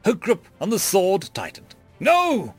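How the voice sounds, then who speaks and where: A man narrating a fantasy story in a dramatic, expressive reading. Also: a little high, normal speed, faint music behind.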